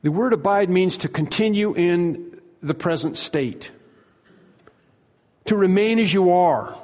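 Male preacher, fairly high voice, emphatic and repetitive, long hall echo. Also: lively intonation, a little mellow. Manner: emphatic, repeats key phrases and slows on them. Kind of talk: sermon.

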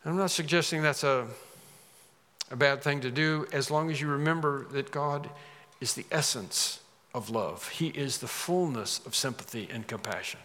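A man delivers an expository sermon at a middle pitch, his voice trailing off into the long reverb of a large hall. He builds to sudden, emphatic rises whenever he quotes scripture. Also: moderate pace, fairly bright tone. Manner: expository preaching, dramatic rises when quoting scripture. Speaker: preacher.

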